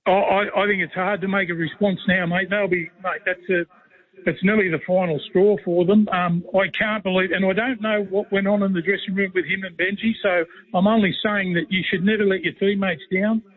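A man's voice: sits high, steady tone, a little fast. Australian man on a tinny phone line. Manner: rambling, folksy, says "mate" constantly. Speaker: radio guest, former player and commentator. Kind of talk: casual storytelling chat.

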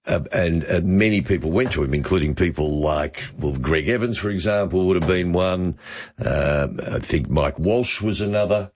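A man's voice: low voice, moderate pace, a little mellow, lo-fi sound. An older man hosting a casual radio chat, talking in a hesitant way with many fillers. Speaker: radio host. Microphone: studio microphone with headphones.

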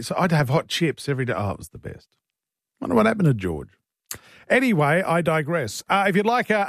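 A man's voice: on the high side, no echo. A man with an Australian accent hosting a morning radio show, chatty and jokey. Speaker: radio host. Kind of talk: casual radio chat. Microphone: studio microphone.

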